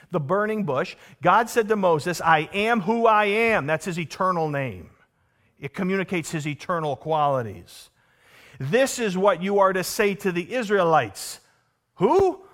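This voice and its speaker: Here a male pastor preaches emphatically, questioning the congregation rhetorically and swinging between loud pronouncements and quiet, low stresses.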